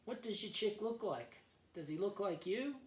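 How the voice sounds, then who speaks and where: A man voicing a calm, thoughtful female red kangaroo with a joey. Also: high-pitched, moderate pace, roomy sound, recorded from a distance, pitched above the performer's own voice.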